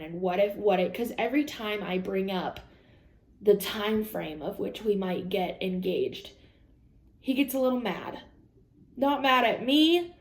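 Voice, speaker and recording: A young adult woman talking candidly and rambling in a casual vlog, laughing often and quoting her own and others' words. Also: mid-range voice. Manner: candid, rambling, with frequent laughs and quoted asides. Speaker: vlogger. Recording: echoey room.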